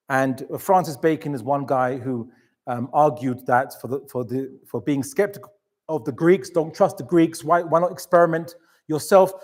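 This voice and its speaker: A man giving a lecture to an audience, animated and chatty, full of restarts and asides. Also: on the high side. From England. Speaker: Islamic lecturer.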